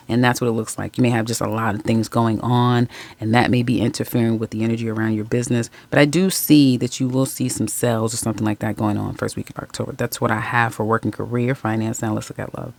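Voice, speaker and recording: Gravelly tarot reader doing a casual reading, dry close sound, laughs a lot, calls everyone guys and baby. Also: mid-range voice, no room sound. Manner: chatty and candid, laughs often, corrects own slips; addresses viewers familiarly as guys, ladies, baby.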